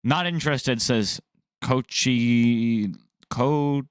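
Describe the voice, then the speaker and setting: A man's voice: mid-range voice, drawn-out words, clean tone, no echo, clean studio sound. A young man hosting an MMA news channel, giving blunt, profane, opinionated commentary in a casual rant. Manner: blunt, profane, animated ranting.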